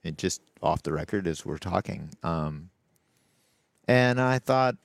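Male political guest, very low gravelly voice, rambling, dry mic. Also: animated, measured pace, no echo. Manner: rambling, lots of "like" and "you know". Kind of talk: casual radio interview.

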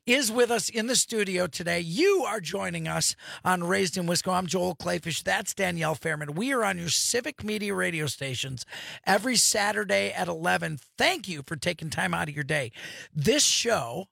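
A man's voice: sits high, animated, normal speed, creaky, pushed and bright, dry recording. Male studio radio host, enthusiastic rambler, raised voice. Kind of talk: casual radio chat.

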